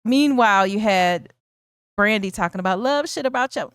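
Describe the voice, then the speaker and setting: A woman's voice: mid-range voice, expressive, normal speed, clear, resonant tone, no echo, clean studio sound. A woman co-hosting a casual film discussion, thoughtful and laughing easily, often restarting her sentences. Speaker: podcast co-host.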